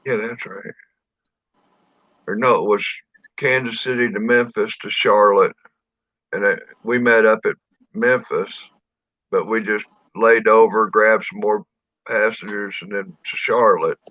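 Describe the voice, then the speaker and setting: A man's voice: lowish voice, fairly even intonation, a little slow, sharp tone, no room sound. A tipsy man with a rural Missouri accent, rambling through a casual chat with lots of restarts and swearing. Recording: dull lo-fi dry audio.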